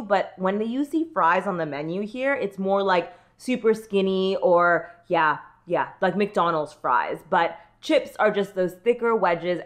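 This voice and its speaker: An American woman from California with a Californian accent, chatting upbeat to her viewers in a casual vlog. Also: fairly low pitch. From California, USA. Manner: chatty, upbeat, often acts out quoted phrases. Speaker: vlogger.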